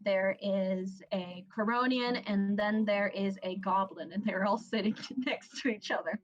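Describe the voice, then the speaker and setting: A woman narrating a tabletop game as game master. She laughs often and keeps a relaxed pace. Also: mid-range voice, a little slow. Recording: dull lo-fi, faint music.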